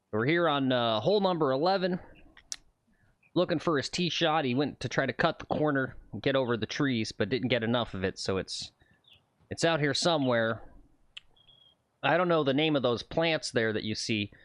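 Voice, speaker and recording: A man's voice: mid-range voice, lively intonation, normal speed, pauses often, a bit bright, no room sound. A man hosting a golf livestream from the course, chatting casually with viewers and rambling about the game. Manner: chatty, rambling, greets chat viewers by name. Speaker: livestream golf host and commentator.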